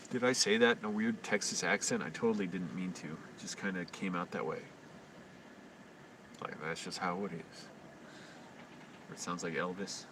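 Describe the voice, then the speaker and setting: Low-ish guy muttering anxiously on a late night livestream, kinda far from the mic, loud hum in the background. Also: fast, hardly any pauses. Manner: quiet, anxious self-talk with frequent restarts. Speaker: live streamer. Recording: distant mic with constant hum.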